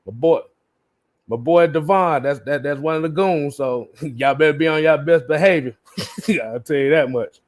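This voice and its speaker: A man hosting a casual livestream, reading out viewer comments in a relaxed way, often laughing and repeating himself. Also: fairly high pitch, moderate pace. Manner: laid-back, laughs often, repeats words. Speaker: livestream host.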